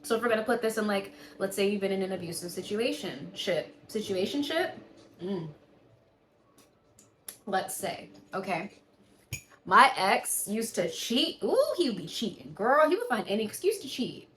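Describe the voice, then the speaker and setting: A woman's voice: mid-range voice, lively intonation, moderate pace, a bit bright, echoey room, a little hiss or hum. A woman giving a casual, candid astrology reading, swearing freely and laughing often. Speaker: tarot reader.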